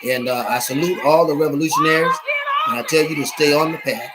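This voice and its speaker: A male minister addressing his viewers in a livestream, speaking in halting, earnest appeals full of pauses, fillers and restarts. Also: on the high side, steady tone, very noisy. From United States.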